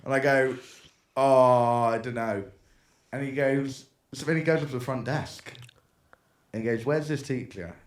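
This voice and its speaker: A man's voice: medium pitch, unhurried, long pauses. A young man with a British accent, co-hosting a casual podcast, laughing as he tells a long story and acting out the other people in it. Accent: British English. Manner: animated, laughs through his own story, acts out voices. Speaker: podcast co-host.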